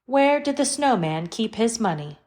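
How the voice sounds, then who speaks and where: A woman's voice: a little high, very animated, moderate pace, a little mellow. A woman voicing a literal, formal female AI computer in an audio drama, with precise diction and no contractions. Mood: calm.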